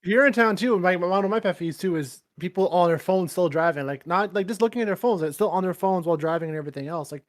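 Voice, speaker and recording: A man's voice: sits high, fast talker, hardly any pauses. A man co-hosting a casual podcast over a voice call, agreeing along and venting mildly, saying "frickin'" instead of swearing. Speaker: podcast co-host. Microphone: voice call mic.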